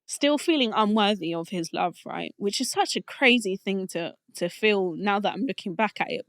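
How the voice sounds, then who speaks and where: A young adult woman telling a personal faith testimony in a heartfelt, halting way, often restarting her sentences, and getting emotional. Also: mid-range voice, dry recording, studio quality. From Colombian family roots. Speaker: podcast guest.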